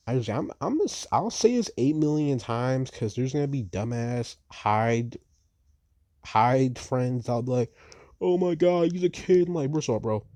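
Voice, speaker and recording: A teenage guy rants into the mic in a heated, profane vlog, his pitch swinging up and down a lot as he talks. His voice is mellow and a little dark, and the recording is dry, with no room echo. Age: teens. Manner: heated, profane, repeats "bro" and "like". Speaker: vlogger. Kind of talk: ranting commentary.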